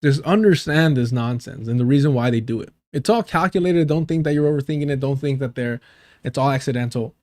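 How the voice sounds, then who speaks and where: Reacting to clips on his livestream, a man speaks a little fast in a mid-range, slightly mellow voice. He's profane and mocking, taking jabs at the people he covers and imitating them with exaggerated voices.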